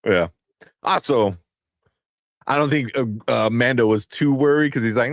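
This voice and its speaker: A man in his thirties co-hosts a loose movie news stream. He tells stories with animated energy and acts out quotes in a high, mocking voice. The sound is dry and close to the mic, with a middle pitch. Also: measured pace, long pauses, dry recording. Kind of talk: casual chat.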